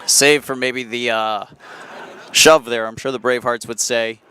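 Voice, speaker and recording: A man giving live soccer play-by-play commentary from an outdoor field, chatty and quick to correct himself. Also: mid-range voice, fairly even intonation, sharp tone, a little hiss or hum. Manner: chatty, self-correcting, apologetic asides.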